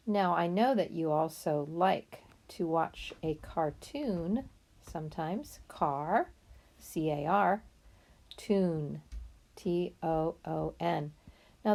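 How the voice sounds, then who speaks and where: Woman, phonics teacher, children's lesson, slow and patient, encouraging, dark gravelly voice. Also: lowish voice. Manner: slow, patient, spelling words letter by letter.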